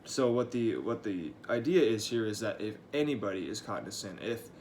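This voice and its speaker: A young man, a high school church intern, giving a short, earnest devotional talk in a casual way with restarts and fillers. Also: animated, brisk, darkish tone, slight background noise. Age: young adult.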